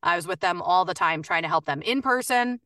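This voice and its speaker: A woman voice actor and coach talking in a casual podcast interview, chatty and upbeat with quick bursts and lots of fillers. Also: fairly low pitch, animated, sharp tone, no room sound, clean studio sound, recorded from a distance.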